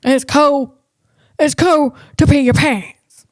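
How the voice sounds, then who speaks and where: A woman doing a slow, drawn-out impression of a goofy male comedian. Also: high voice, steady tone, no echo, studio quality.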